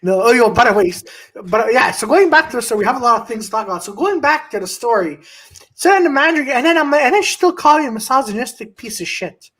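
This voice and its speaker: A man's voice: very high-pitched, expressive, quick pace, slightly rough. A man co-hosting a live podcast, telling a rambling story with lots of swearing and restarts, and breaking off to greet viewers. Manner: shouts out viewers mid-story. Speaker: podcast co-host. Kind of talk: casual live-stream chat.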